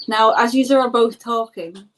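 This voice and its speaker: A woman's voice: fairly high pitch, a little slow. Woman game master, stumbling narration. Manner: stumbling, self-correcting narration.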